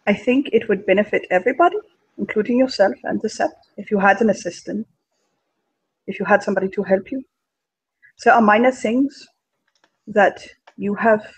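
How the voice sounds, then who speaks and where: High gravelly man, earnest. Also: no room sound, poor audio. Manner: earnest, halting pitch with fillers. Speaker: player. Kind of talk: in-character tabletop role-play.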